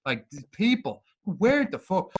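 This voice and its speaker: A man's voice: high voice, sing-song, a little slow, breathy edge. A man co-hosting a podcast, chatting bluntly and swearing a lot while telling a story. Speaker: podcast co-host. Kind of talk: casual chat.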